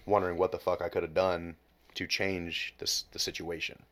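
A man in his late twenties with a very low, deep voice tells a painful story as a podcast guest. He swears freely and falls quiet and hushed at the hardest moments, speaking candidly and with raw emotion. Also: little pitch movement, moderate pace. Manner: emotional, heavy swearing, drops to near whisper at low points.

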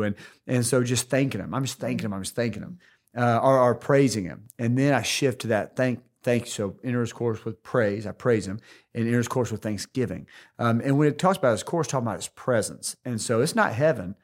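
A man co-hosting a casual faith podcast, talking in a halting way with many restarts and fillers, teasing now and then. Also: mid-range voice, darkish tone. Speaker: podcast co-host.

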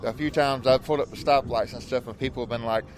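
Guest: man in a full-head costume, words muffled through a mask, mid-pitched, chatting outdoors. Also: fairly even intonation, fast talker. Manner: muffled, as if talking with something in his mouth. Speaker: guest, movie vehicle owner. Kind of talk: casual outdoor interview. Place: outdoors at a haunted attraction.

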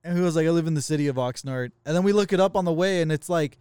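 A man's voice: fairly high pitch, rapid-fire, smooth, no room sound, studio quality. A man co-hosting a podcast, telling stories in casual chat, swearing a lot and acting out what people said. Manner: swears a lot, animated retelling with quoted voices. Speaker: podcast co-host.

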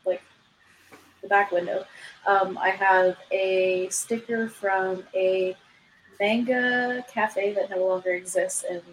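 A woman chatting casually on a podcast, relaxed and easygoing. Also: medium pitch, slow, a little hiss or hum, poor audio. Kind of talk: casual chat.

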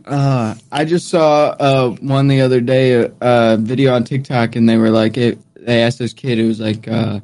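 A man's voice: mid-range voice, steady tone, moderate pace, few pauses, darkish tone. A man with a wife and kids, co-hosting a podcast in casual, joking chat and swearing casually. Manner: laid-back, jokey, swears casually.

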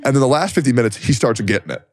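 Animated man telling a story. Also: rapid-fire, no echo. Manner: animated storytelling, mimics others in high voices. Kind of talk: casual podcast chat.

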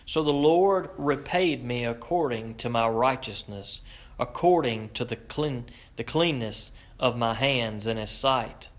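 A man preaching a sermon in an earnest manner, reading scripture and then explaining it, rising in pitch as he presses his point. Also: fairly bright tone. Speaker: pastor.

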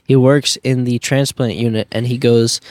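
A man co-hosting a casual chat explains a point earnestly and at length. His voice is mid-pitched. The sound is dry, with no room echo. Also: flat delivery, moderate pace, darkish tone.

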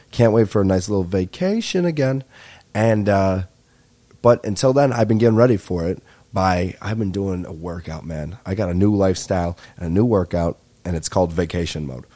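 A man, rambling excitedly and swearing through a comedic podcast monologue as host. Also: lowish voice. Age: 20s.

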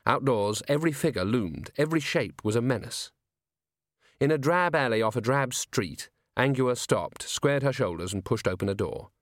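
A man reads a novel aloud as audiobook narrator, measured and clear. His voice sits in a middle pitch. The recording is dry and close, with no room sound. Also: lively intonation, no echo. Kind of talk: scripted narration.

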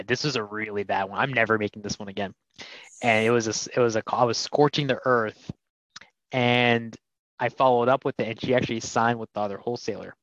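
A man co-hosts a casual podcast, explaining things candidly and retelling conversations. His voice is mid-pitched. The recording is dry and a bit muffled. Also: no room sound. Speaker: podcast co-host. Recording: dull, dry sound.

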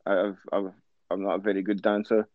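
A man's voice: low-pitched, little pitch movement, fairly quick, dry recording. Scottish male co-host, rambling sweary banter, dull dry close-mic sound. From Scotland. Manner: rambling, stumbles and restarts, laughs a lot. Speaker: podcast co-host. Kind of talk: casual sweary chat.

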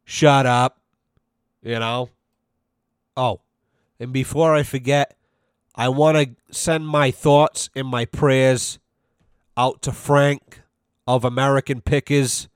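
A man's voice: mid-range voice, fairly even intonation, slow, pauses often, smooth, dry recording. Profane ranting podcast man, dry sound. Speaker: podcast host. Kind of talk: casual rant.

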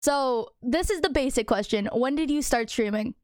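A woman's voice: high voice, moderate pace, darkish tone, no echo, clean studio sound. A young woman hosting a casual chat show, teasing her guests and laughing often. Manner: giggly, teasing. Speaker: podcast host.

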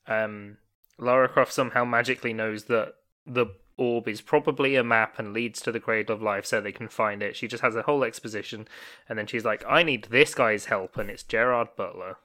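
A man's voice: lowish voice, fairly even intonation, a little fast, bright, forceful tone. A man co-hosting a casual film podcast, retelling the plot with laughs and asides. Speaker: podcast co-host.

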